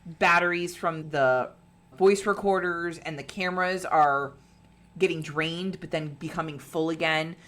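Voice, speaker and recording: A woman with a low voice co-hosts a podcast in easy, casual chat. She retells a ghost-hunting show with plenty of swearing and acts out what the people in it said. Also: unhurried, a bit bright. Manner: chatty, swearing, acting out quotes. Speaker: podcast co-host.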